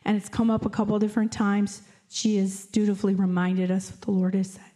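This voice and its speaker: A woman preaching a sermon, reading scripture aloud in an earnest way and slowing down to dwell on key phrases. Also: mid-range voice, vocal fry, mellow.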